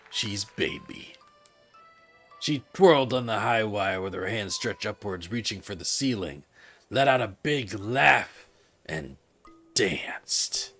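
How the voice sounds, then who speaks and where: Expressive low-voiced male streamer. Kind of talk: reading a story game aloud on stream.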